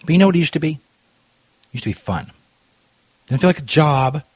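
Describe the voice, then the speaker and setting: A man's voice: fairly high pitch, animated, fairly quick, darkish tone, breathy edge, no room sound. Profane tipsy man hosting a prank show. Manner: profane, loose and tipsy, drifting off topic. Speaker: host of a prank call show. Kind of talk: crude rambling radio banter. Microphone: studio mic.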